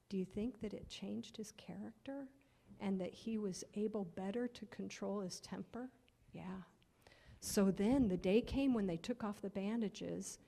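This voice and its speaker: Woman, children's story at church, gravelly, mellow, near-whispers. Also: medium pitch, big-room sound.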